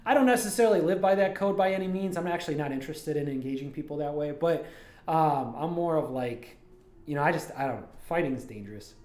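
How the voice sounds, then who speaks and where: A man's voice: a little high, quick pace, darkish tone. A man from Toledo, Ohio, chatting casually on his livestream as a streamer and animator, drifting from one story to the next. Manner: rambling, digressive storytelling. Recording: roomy echo.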